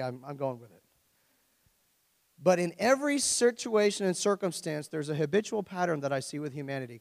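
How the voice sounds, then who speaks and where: High, gravelly preacher man. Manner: conversational preaching with rhetorical questions and humour. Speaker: pastor. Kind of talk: sermon. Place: church. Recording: long church hall reverb.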